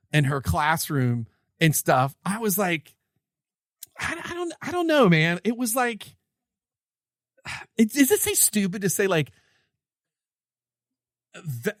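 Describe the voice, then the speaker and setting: A man, co-hosting a podcast and telling a story in an excited, animated way, often restarting his sentences. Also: fairly high pitch, dry recording, clean studio sound. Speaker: podcast co-host. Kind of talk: casual storytelling chat.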